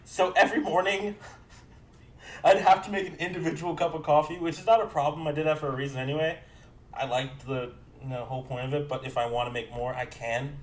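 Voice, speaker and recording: A man's voice: a little high, steady tone, a little fast. Rambling young man telling a story. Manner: rambling storytelling, swearing, acting out both sides of conversations. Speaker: podcast co-host. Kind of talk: casual chat.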